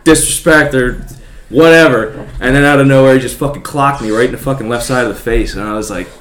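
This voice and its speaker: A man's voice: medium pitch, racing. A young man telling a rambling story in casual chat, swearing heavily and laughing often. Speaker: podcast co-host telling a story. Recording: roomy echo.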